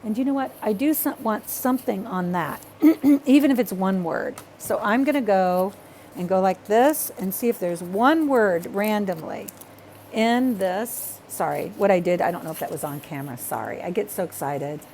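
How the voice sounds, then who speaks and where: A woman teaching a hands-on art project in a loose, chatty way, talking to herself and apologizing as she gets excited. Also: medium pitch, moderate pace, slight background noise. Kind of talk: casual craft tutorial.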